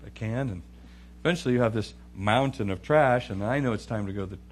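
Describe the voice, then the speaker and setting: A middle-aged man telling a funny family story in an animated, chuckling way. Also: on the low side, fast, a little hiss or hum. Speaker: speaker. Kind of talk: humorous storytelling talk.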